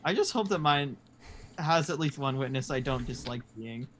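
A man's voice: mid-range voice, lively intonation, normal speed. A teenage boy hosting a casual podcast, asking hesitant questions full of fillers. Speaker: podcast host. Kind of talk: casual chat. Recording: noisy video call audio.

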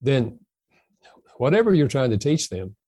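An older man, a guest author in an interview, giving gentle, folksy advice. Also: mid-range voice, sing-song, a little slow, slightly rough, no room sound, clean studio sound. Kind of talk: interview conversation.

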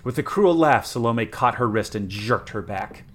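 A man's voice: mid-range voice, expressive, normal speed, a bit bright. Man reading a story aloud. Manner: enthusiastic, jokey in chat. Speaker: podcast co-host reading aloud. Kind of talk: story narration and casual chat.

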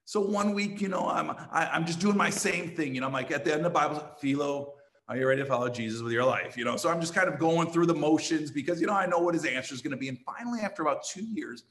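A man's voice: fairly high pitch, fast, few pauses. A man, a pastor and missionary, telling a testimony in a sermon and acting out the dialogue with energy. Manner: animated, acts out quoted dialogue.

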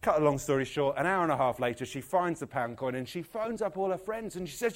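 Brief: male preacher, animated storyteller, slightly high voice. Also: fast, hardly any pauses. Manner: animated storyteller, jokey, acts out the people in his stories. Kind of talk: lively sermon.

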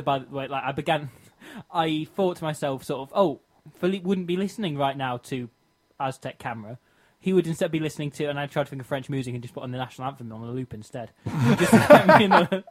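A young man co-hosting a podcast, telling a funny story in animated fashion and laughing often. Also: fairly high pitch, fast talker. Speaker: podcast co-host. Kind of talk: casual storytelling chat.

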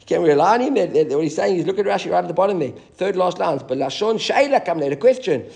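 A man teaching a live Talmud class, reading Aramaic passages and explaining them in English with animated asides. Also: fairly high pitch, fast, vocal fry, hardly any pauses.

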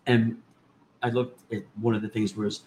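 A man's voice: on the low side, little pitch movement, moderate pace, a little mellow, a little hiss or hum, low-quality recording. A man co-hosting a casual podcast, trading sarcastic, profane wisecracks. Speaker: podcast co-host. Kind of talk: casual chat.

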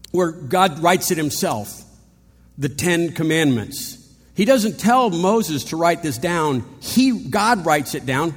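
A man's voice: a little high, husky. A man preaching a sermon in a conversational way, asking rhetorical questions and adding playful asides. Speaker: pastor. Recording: long reverb of a large hall.

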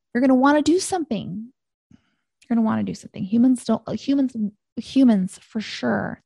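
Gravelly, husky woman with a reassuring voice. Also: on the high side, dry recording. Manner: gentle, reassuring, repeats calming phrases. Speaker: podcast host. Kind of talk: solo podcast teaching talk.

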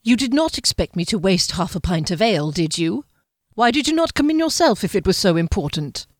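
A woman's voice: medium pitch, very animated, brisk, no echo. A woman reading aloud voices a tall male mage who speaks dryly and teases his friend. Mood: teasing. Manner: dry, teasing.

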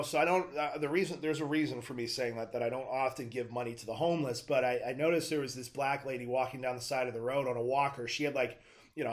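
A young adult man giving a preaching monologue as a Christian speaker, telling stories in an earnest, conversational way. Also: medium pitch.

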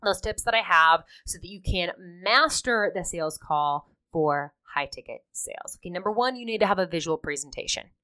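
A woman in her thirties, an online business coach, teaching in an animated, emphatic way and often checking in with "okay?". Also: fairly low pitch, normal speed, hardly any pauses. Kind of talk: teaching talk to camera.

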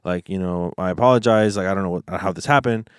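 A man's voice: low-pitched, quick pace, smooth, dry recording, studio quality. A young man hosting a casual podcast, retelling a story in a rambling way with lots of fillers and swearing. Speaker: podcast host.

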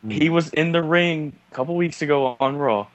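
A man's voice: on the high side, normal speed, dry recording, muffled recording. A man commenting on a wrestling match with friends, explaining the story of the bout and throwing in dry, matter-of-fact jokes. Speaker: co-host watching a wrestling match. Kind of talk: casual live watch-along commentary.

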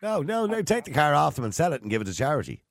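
Irish guy hosting phone-in radio, lively ups and downs, dry close mic. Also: fairly high pitch, dry recording. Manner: quick, agreeable, chatty. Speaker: radio talk show host.

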